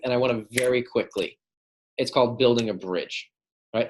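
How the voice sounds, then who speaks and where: This man's voice is medium-pitched and brisk. He's a manager casually coaching his receptionists on phone calls, acting out both sides of a call and constantly checking in with "right?"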